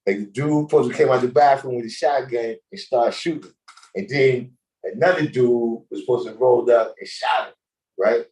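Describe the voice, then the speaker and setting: A man hosting a casual livestream chat, telling stories in an animated, slangy way and laughing often. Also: medium pitch, moderate pace, poor audio. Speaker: host.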